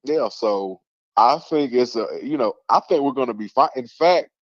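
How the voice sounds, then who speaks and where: A man's voice: medium pitch, lively intonation, normal speed, no echo. Man chatting sports, dull dry audio. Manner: rambling, many fillers and restarts. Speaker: sports talk show host. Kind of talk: casual sports talk.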